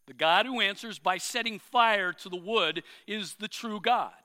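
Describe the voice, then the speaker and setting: A man voicing a bold, fierce prophet, declaiming slowly and forcefully. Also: sits high.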